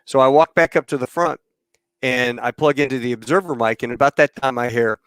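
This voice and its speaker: A man's voice: medium pitch, fairly quick, clear, resonant tone, dry recording. A man in casual chat recounts a flight, slipping into the voices of crewmates and radio calls as he goes. His voice sits in a middle register. The sound is close and dry. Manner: animated anecdote telling with acted-out radio calls. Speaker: podcast host and former Marine pilot.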